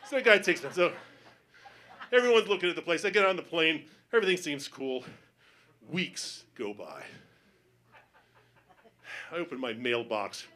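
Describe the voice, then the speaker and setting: A male stand-up comedian telling a story on stage, acting out the voices of other people and building up to panicked shouting. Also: a little high, animated, moderate pace, pauses often.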